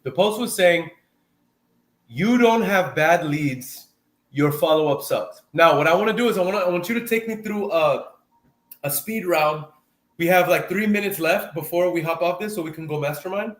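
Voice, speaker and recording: A man hosting a live video call, coaching in a casual, animated way and repeating phrases for emphasis. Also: high-pitched, brisk, roomy sound. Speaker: host and sales coach.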